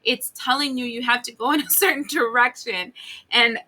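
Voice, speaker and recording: A woman giving a casual tarot reading, blunt and animated, swearing and acting out the listener's complaints. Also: on the high side, normal speed. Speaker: tarot reader.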